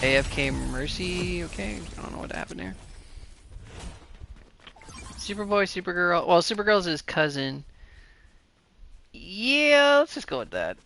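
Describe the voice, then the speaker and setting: A man chatting loosely over his gameplay, rambling from thought to thought and laughing at himself. His voice is bright and a touch high, with faint background noise under it. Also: sing-song, measured pace, vocal fry, long pauses. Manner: rambling, laughing often, self-mocking. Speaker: gamer. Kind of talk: casual gameplay commentary.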